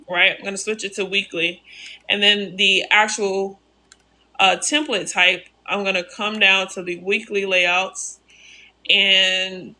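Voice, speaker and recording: Bright-voiced woman hosting a live tutorial. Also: medium pitch. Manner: narrates each click, repeats steps, answers chat. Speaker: live-stream tutorial host. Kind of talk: casual live-stream software walkthrough.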